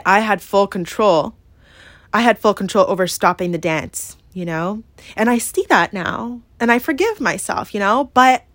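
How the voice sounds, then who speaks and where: With a fairly bright, mid-range voice and no room sound, a woman on her podcast tells a story about herself. She's frank and emphatic, cursing often and filling her speech with "like" and "yeah?".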